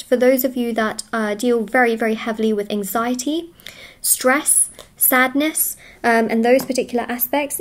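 A woman giving a tarot love reading to her viewers, reassuring and emotional as she speaks to them directly. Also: fairly high pitch. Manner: warm, reassuring, emotional pep talk. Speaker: tarot reader. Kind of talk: casual tarot reading to camera.

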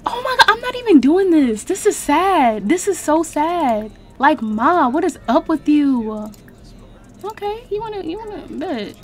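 A young woman giving casual, slangy let's-play commentary as the channel host, chatting and reacting loudly to the game. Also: very high-pitched, very animated, unhurried.

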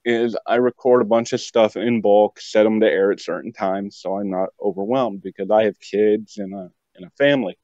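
A man's voice: on the low side, moderate pace, hardly any pauses, warm tone, dry recording. A young man from West Virginia, a podcast guest, chatting casually with joking, rambling asides. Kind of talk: casual chat. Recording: dull lo-fi dry sound.

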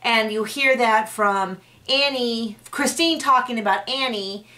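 A woman's voice: fairly high pitch, unhurried, bright, forceful tone, recorded from a distance. A young woman recapping a reality TV episode in casual commentary, sarcastic and exasperated, now and then mocking people in put-on voices. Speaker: recap reviewer.

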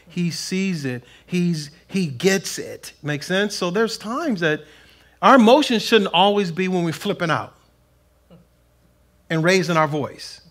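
Pastor guy in a church, kinda high voice, chatty sermon, gets loud then goes quiet. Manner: animated, swings between loud emphasis and soft asides; folksy, plain-spoken. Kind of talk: conversational sermon. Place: church sanctuary.

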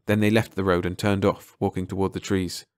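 A man narrating an audiobook in calm, measured scripted narration. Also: low voice, clean tone, no room sound, studio quality.

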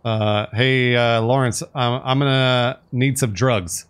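A man hosting a live stream of a horror game, animated and thanking viewers as he plays with friends. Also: mid-range voice, takes it slowly, clean tone. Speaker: streamer and host.

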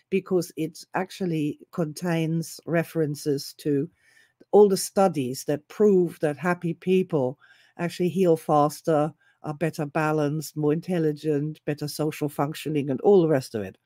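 Woman host, mellow tone, wry and sarcastic, reading sources aloud; dry close recording. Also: deep voice, fairly even intonation, no echo. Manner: deliberate, with pauses and hesitations. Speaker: self-help author and video host. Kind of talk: solo commentary reading web pages aloud.

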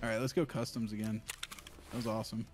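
A man chatting casually while playing a game with a friend, bantering quickly and reacting to the action. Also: lowish voice, little pitch movement, darkish tone, faint music behind. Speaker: fellow streamer. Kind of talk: casual gaming chat.

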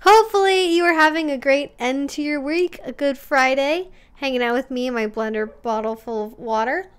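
A woman's voice: high-pitched, normal speed. A woman in her twenties chatting casually as a livestream host, reading viewer comments aloud and greeting them by name.

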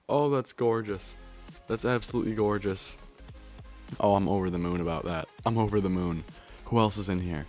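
A man streaming a video game pack opening, excitable and trying to keep his voice down at home, swinging from grumbling to yelling. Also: on the low side, normal speed, faint music behind. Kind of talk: pack-opening gameplay commentary.

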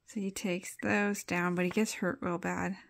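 Woman, comic book reviewer, casual plot recap, unhurried, gravelly, chatty asides. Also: on the low side, level tone. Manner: loose, chatty summary with asides while flipping pages.

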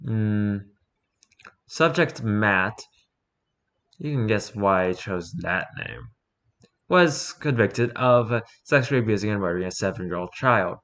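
Bright-voiced man reading a report. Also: on the low side, lively intonation, unhurried, long pauses. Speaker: reader. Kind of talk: scripted narration of a horror document.

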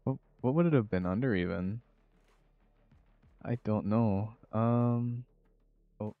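A man's voice: fairly low pitch, slow, no echo, narrow, tinny audio, faint music behind. A man streaming a game with friends, chatty and laughing often as he thanks viewers and apologizes. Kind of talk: casual gaming chat.

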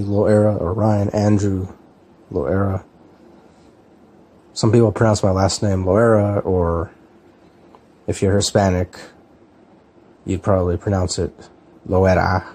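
A man in his thirties from California, chatting casually in a relaxed, hesitant way with lots of fillers and restarts. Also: lowish voice, slight background noise. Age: 30s. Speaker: book vlogger. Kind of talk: casual chat, answering a tag.

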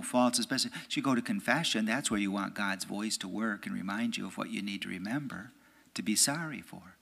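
An American priest gives a conversational homily at a prayer meeting in church, often checking in with "right?" His mid-range voice has vocal fry, and at times he drops to a hushed, almost whispered tone.

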